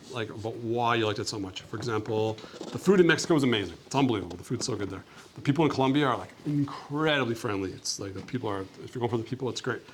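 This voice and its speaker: A man's voice: medium pitch, darkish tone, slight background noise. A young man from Canada chatting casually with a school class about his travels, upbeat and friendly, with lots of "like" fillers. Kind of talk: casual talk and Q&A with children.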